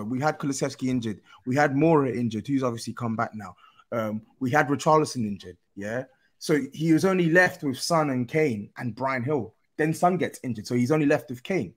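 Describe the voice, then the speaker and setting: A man's voice: mid-range voice, animated, normal speed. A man, a football podcast panelist talking earnestly and working himself up into exasperated points. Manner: earnest, building to exasperated rants. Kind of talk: casual chat.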